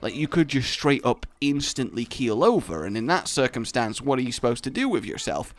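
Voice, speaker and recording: A man's voice: mid-range voice, big pitch swings, fairly quick. A man hosting a gaming channel, giving let's play commentary full of rambling, joking tangents, recorded at home.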